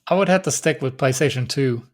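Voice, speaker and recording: A man's voice: medium pitch, fairly quick. A man co-hosting a podcast in casual chat, easygoing and laughing often. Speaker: podcast co-host.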